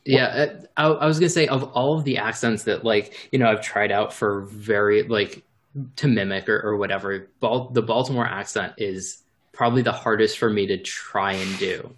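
A man's voice: on the low side, normal speed, fairly bright tone. A man chatting casually as a podcast co-host, rambling with fillers. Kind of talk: casual chat.

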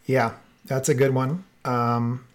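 A man co-hosting a podcast in a relaxed, agreeable casual chat, leading the segment. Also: mid-range voice, slow pace. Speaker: podcast co-host.

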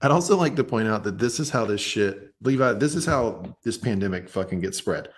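A man's voice: lowish voice, animated, a little fast, slightly rough. A man teasing and swearing in casual podcast chat. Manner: teasing, profane. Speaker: podcast co-host.

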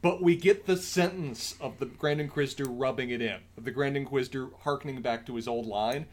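A man co-hosting a casual review podcast, easygoing and quick to agree, musing through his points. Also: mid-range voice. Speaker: podcast co-host.

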